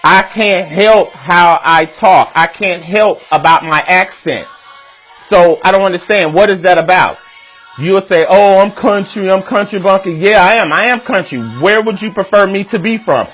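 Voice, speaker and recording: A man's voice: high-pitched, a little slow, a bit bright, faint music behind. A man with a Southern US accent hosting a web series, talking candidly and casually to his viewers and asking them questions.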